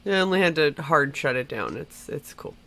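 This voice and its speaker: A woman's voice: sits low, animated, normal speed, gravelly, fairly bright tone. A congested woman chatting casually as a player, laughing often. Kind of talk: casual chat.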